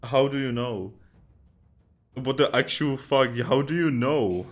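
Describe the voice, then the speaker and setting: A gaming YouTuber gives let's-play reaction commentary, incredulous and exasperated, swearing and bursting into laughter at the game. His voice is mid-range and slow-paced.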